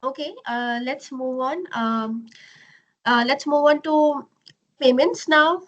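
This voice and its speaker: High-voiced woman hosting a webinar. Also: slow pace, a bit bright, muffled recording. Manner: questioning, with many fillers. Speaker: webinar host. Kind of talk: moderating a webinar.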